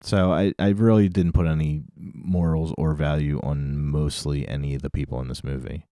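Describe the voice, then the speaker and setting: Deep-voiced man, blunt and emphatic. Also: steady tone, normal speed, mellow, no room sound, clean studio sound. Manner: blunt, emphatic, repeats words. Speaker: podcast co-host. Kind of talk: casual movie discussion.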